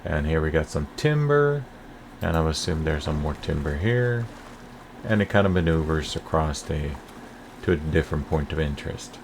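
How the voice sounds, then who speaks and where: A man hosting a casual first look at a game, talking in a relaxed, rambling way with many fillers. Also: rumbling low, moderate pace, slight background noise. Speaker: game channel host.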